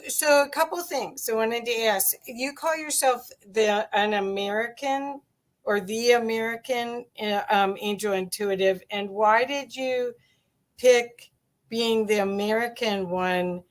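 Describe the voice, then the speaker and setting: Female interviewer, casual and hesitant, fairly high pitch, fumbles for words. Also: measured pace. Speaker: host, interviewer.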